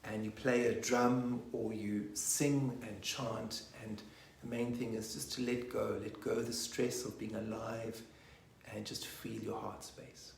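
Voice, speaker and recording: Man, guided meditation talk, soft-spoken, whispery at times, faint background hum, roomy echo. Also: mid-range voice, level tone, unhurried, few pauses. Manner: rocks forwards and back while chanting. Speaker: meditation teacher. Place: online session from a room.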